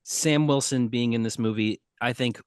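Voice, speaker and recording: A man co-hosts a comic book podcast in a casual, rambling way, cracking jokes and laughing as he goes. His voice sits at an ordinary pitch. The sound is dry and close. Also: moderate pace, clear, resonant tone, dry recording. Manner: rambling, jokey, laughs often. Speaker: podcast co-host. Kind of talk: casual chat.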